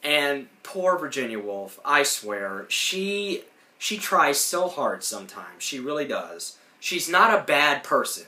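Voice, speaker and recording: Bright, rambling podcast host. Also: male voice, a little high, very animated, takes it slowly. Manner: rambling, enthusiastic, many fillers. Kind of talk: casual recap commentary. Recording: roomy echo.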